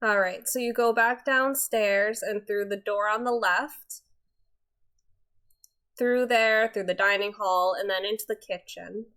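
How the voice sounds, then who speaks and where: A woman narrating a tabletop game as game master, casual and quick to laugh. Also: mid-range voice, fairly even intonation, a bit bright.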